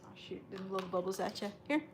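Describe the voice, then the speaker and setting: A woman's voice: mid-range voice, expressive, quick pace, noisy background. A woman hosting a cat rescue livestream indoors, chatting casually with viewers, laughing often and cooing at the cats.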